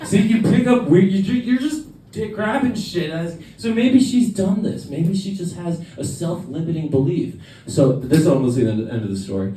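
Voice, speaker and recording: A man from the United States doing a stand-up set, with a fairly high voice and a mellow tone. He rambles through his story with plenty of "like" and "uh." The sound is an echoey club picked up from a distance, with faint room noise. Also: big pitch swings, a little slow. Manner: rambling storytelling with fillers and laughs. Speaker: stand-up comedian. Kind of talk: stand-up comedy. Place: comedy club stage.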